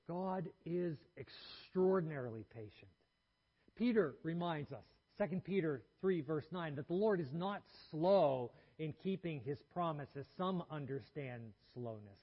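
A man preaches a sermon with a slightly husky, somewhat raised voice. He talks in a measured, earnest way, and his phrases fall away softly at the ends. The recording sounds a little dull and lo-fi. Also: on the high side. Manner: measured, earnest preaching with trailing soft phrase endings and small restarts.

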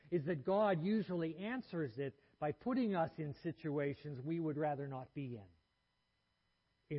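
A man preaches a sermon with a slightly husky, somewhat raised voice. He talks in a measured, earnest way, and his phrases fall away softly at the ends. The recording sounds a little dull and lo-fi. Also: a little high. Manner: measured, earnest preaching with trailing soft phrase endings and small restarts.

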